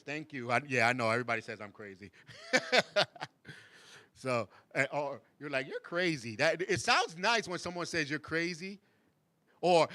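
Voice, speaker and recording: A man's voice: a little high, sharp tone, dry recording. A man hosting a show, chatting casually, laughing often and mimicking people in sing-song voices. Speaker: show host. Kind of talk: casual chat.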